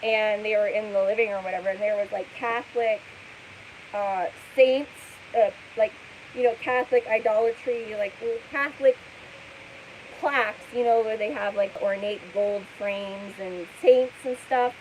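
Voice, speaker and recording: A woman's voice: medium pitch, steady tone, normal speed, a little hiss or hum, low-quality recording. A woman giving casual vlog commentary, skeptical and rambling, with many fillers.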